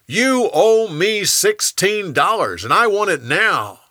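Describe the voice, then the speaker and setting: A man's voice: high voice, expressive, takes it slowly, creaky, bright, forceful tone, no room sound, clean studio sound, pitched above the performer's own voice, full character voice. Man playing a greedy ungrateful debtor. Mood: harsh. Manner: pleading, then harsh.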